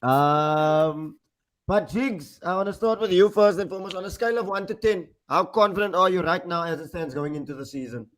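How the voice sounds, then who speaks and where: Man, slightly high voice, relaxed host going round the panel. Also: normal speed. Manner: relaxed, steering the talk. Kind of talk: casual football chat.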